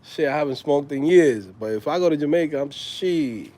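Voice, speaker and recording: A man's voice: fairly high pitch, expressive, moderate pace, warm tone. A man from New York with a New York accent, chatting casually on a livestream, slangy and laughing often. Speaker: host.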